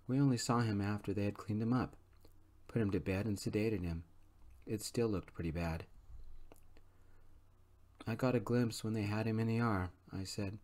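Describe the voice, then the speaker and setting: A man reads an audiobook in a hushed, soft-spoken ASMR manner. His voice sits fairly low and stays gentle throughout. The delivery is calm, quiet first-person narration.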